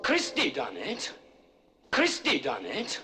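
A man's voice: medium pitch, wildly swooping pitch, takes it slowly, sharp tone, exaggerated voice. An actor playing a frightened young man who desperately pleads his innocence, heard in a film trailer with music behind him.

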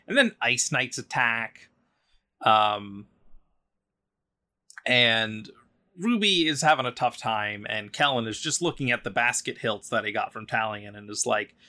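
A man's voice: on the low side, bright, forceful tone. A man co-hosting a podcast, casually retelling a story with lots of ums and likes. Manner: chatty, full of ums and likes, voices quotes loosely.

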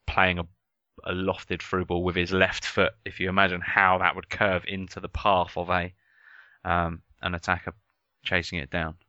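A man's voice: low-pitched, sharp tone, clear, resonant tone, no room sound. A man from Surrey with a southern English accent, co-hosting a casual podcast and explaining in loose sentences full of fillers. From Surrey, England. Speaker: podcast co-host. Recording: slightly muffled dry recording.

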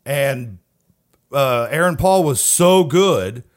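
A man's voice: medium pitch, animated, takes it slowly. Chatty, laughing male podcast co-host. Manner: chatty storyteller, laughs often while telling anecdotes. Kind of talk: casual chat.

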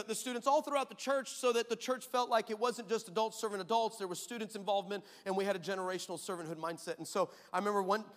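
A man preaching a sermon as pastor, telling a story in an animated way, acting out quotes and laughing often. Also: high-pitched. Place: large church hall. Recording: reverberant church hall.

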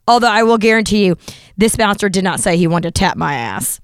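A woman's voice: medium pitch, expressive, a little fast, smooth, no echo, studio quality. A woman, hosting a podcast and animatedly telling an anecdote, acting out the voices of the people in it. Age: 40s. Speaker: podcast host. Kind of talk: casual storytelling chat.

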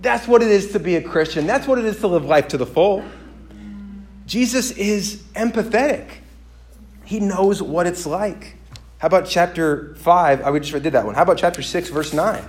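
A man preaching a sermon, moving between quiet reflection and loud, emphatic exhortation. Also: high voice, normal speed.

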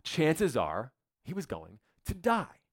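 A pastor preaches to his church in a fairly high-pitched male voice. He keeps it loose and conversational, firing off rhetorical questions and slipping in jokes. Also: huge pitch swings, slow. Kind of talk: sermon.

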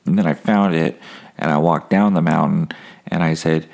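A man's voice: a bass voice, steady tone, normal speed, vocal fry, darkish tone. A man telling a rambling, profane, self-mocking story in a casual monologue as a comedian hosting his own podcast.

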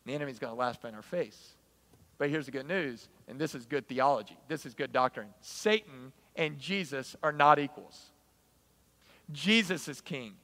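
A man preaching a sermon in an animated, emphatic, storytelling way. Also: medium pitch, moderate pace. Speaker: pastor.

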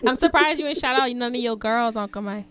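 A woman's voice: on the high side, quick pace, clear, resonant tone. A woman with a New Orleans accent hosting a call-in radio show, laughing often and playful. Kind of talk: casual call-in radio chat.

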